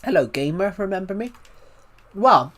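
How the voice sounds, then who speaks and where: British guy on a live stream, a bit ill so voice sounds thick, chill steady talk, kinda high pitched for a guy. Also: moderate pace. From United Kingdom. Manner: calm, even talking with frequent restarts. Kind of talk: casual live stream chat.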